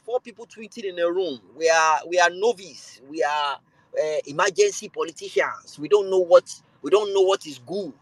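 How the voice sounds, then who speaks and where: A Nigerian man hosting a show, delivering an impassioned political rant that swings between calm and loud. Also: sits high, normal speed, dry recording, rough recording. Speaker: show host.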